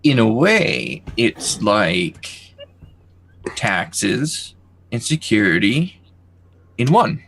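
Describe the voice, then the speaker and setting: A man playing in a tabletop game, slow and laid-back as he describes his character's moves. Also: lowish voice, big pitch swings, creaky, fairly bright tone, a little hiss or hum. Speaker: player. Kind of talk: casual tabletop game play.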